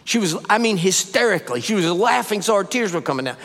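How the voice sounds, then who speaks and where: Older male preacher, storytelling sermon, pitched high, long reverb of a big sanctuary. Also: fast talker. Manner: animated, rising to high emphatic peaks. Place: church sanctuary.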